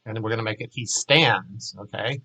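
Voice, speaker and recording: A man's voice: on the low side, fairly quick, sharp tone, poor audio. A man teaching a language lesson, patiently walking learners through verb forms and repeating each word for them. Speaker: Hebrew teacher.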